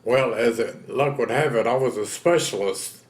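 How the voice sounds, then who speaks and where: A man's voice: medium pitch, normal speed, roomy sound. A man, telling his own story in a plain-spoken, folksy way in an oral history interview. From Texas. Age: 70s. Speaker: veteran interviewee.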